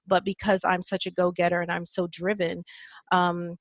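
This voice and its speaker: A woman's voice: lowish voice, monotone, moderate pace, dry recording, muffled recording. A woman in her thirties, a podcast guest, telling her personal story reflectively with frequent fillers and small laughs.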